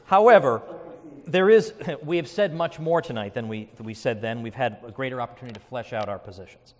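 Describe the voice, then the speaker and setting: Wry man debating in a reverberant hall. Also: mid-range voice. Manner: wry, quick, argumentative. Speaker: debater and podcast host. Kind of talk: live debate rebuttal. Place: event hall before an audience.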